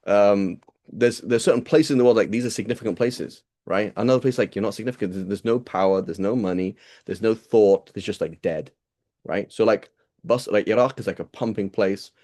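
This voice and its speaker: Fast-talking, chatty male teacher, dark voice. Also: on the low side. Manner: chatty, rambling, asks students rhetorical questions. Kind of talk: casual classroom reading and explanation.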